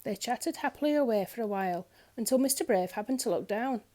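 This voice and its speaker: A woman reading a children's picture book aloud in an expressive storyteller's manner. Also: fairly high pitch, quick pace. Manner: expressive, lilting.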